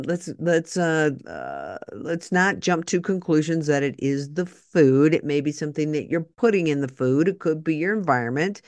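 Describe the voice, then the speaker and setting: A woman hosts a podcast in a casual, rambling monologue full of jokey asides. Her pitch bounces around with animated emphasis. The sound is close and dry, with no room echo. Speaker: podcast host.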